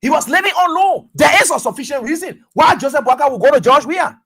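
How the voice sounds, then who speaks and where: Emphatic radio host, high voice. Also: lively intonation, quick pace, fairly bright tone. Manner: emphatic, repeats phrases, rhetorical questions. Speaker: radio talk show host. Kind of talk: political commentary.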